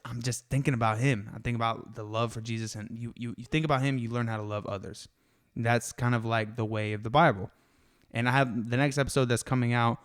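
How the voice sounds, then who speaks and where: A man's voice: medium pitch, clean tone. A man hosting a casual faith podcast, talking in an earnest, confessional way, full of slang and emphatic asides. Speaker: podcast host.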